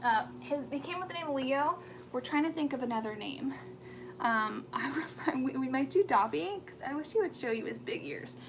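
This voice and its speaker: There's a noisy background as an American woman in her thirties, speaking at a moderate pace in a high-pitched, lively voice, hosts a relaxed skincare livestream. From a home room with pets, she rambles with frequent fillers and restarts.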